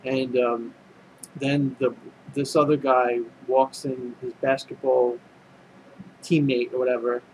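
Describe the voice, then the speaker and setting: A man's voice: mid-range voice, little pitch movement, slow pace, pauses often, a little hiss or hum, poor audio. Rambling man recapping an anime. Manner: rambling, full of fillers and restarts. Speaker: anime reviewer. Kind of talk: casual spoken recap.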